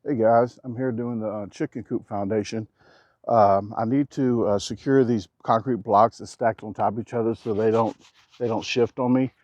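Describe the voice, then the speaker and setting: A man with a fairly low voice talks casually to camera at an outdoor building site, rambling between tasks and dropping jokes at himself. He keeps his naturally loud voice reined in. The action-camera audio sounds dry and a bit dull. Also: steady tone, moderate pace, dry recording. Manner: joking, rambling, self-deprecating asides. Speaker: vlogger. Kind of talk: casual vlog talk to camera.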